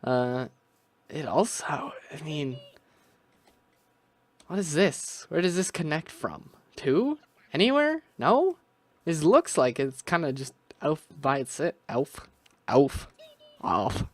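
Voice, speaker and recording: A young man narrates his own gameplay in a loose, rambling way, thinking aloud and restarting his sentences often. His voice rises and falls with a lot of melody, and he talks at an unhurried, slow pace. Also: on the high side, animated, no echo. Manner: rambling, self-talking, musing aloud with restarts. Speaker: gaming video creator. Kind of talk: casual gameplay commentary.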